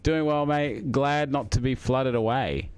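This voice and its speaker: A middle-aged Australian man chats on a live stream in a loose, easygoing way. He rambles, stops to chuckle, and fills pauses with plenty of ums and uhs. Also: medium pitch, slight background noise. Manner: rambling, with many fillers and chuckles. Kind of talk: casual live-stream chat.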